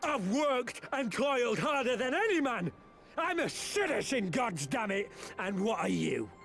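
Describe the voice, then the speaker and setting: A bullying imperial soldier from a video game, barking orders and sneering at those beneath him. His voice sits high and swings widely. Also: very animated, a little slow, vocal fry, fairly bright tone, faint music behind, full character voice. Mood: bitter.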